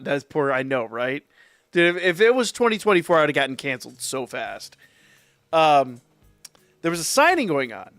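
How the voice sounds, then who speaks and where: A man streaming live, telling a rambling, profane story in a casual, animated way. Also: a little high, no room sound.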